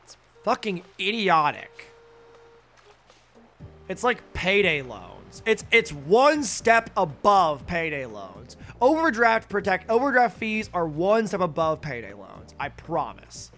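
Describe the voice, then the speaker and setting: With a high, pushed, bright voice that swoops wildly in pitch, a young man rants slowly and furiously into his desk mic while streaming a game from home. He swears constantly and adds sarcastic comments, and soft music plays underneath.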